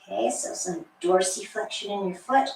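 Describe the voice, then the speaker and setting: A woman's voice: mid-range voice, normal speed, gravelly, darkish tone, recorded from a distance. Woman, fitness instructor, encouraging, slightly breathless, roomy echo, faint hiss. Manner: encouraging, counts down, light laughs. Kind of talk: guided workout instruction. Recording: echoey room, voice off-mic, faint hiss.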